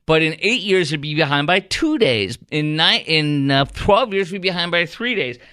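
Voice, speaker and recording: A man hosting a talk radio show, chatting in a rambling, animated way and quizzing his producer. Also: on the high side, normal speed, smooth, no echo, studio quality. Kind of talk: casual talk radio monologue. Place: radio studio.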